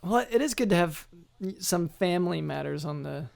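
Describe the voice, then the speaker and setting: A man's voice: high-pitched, animated, normal speed, vocal fry, a little mellow. A man hosting a podcast, chatting playfully and reading a jokey scripted outro. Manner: playful, wraps up with thank-yous. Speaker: podcast host. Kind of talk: casual chat and scripted outro narration.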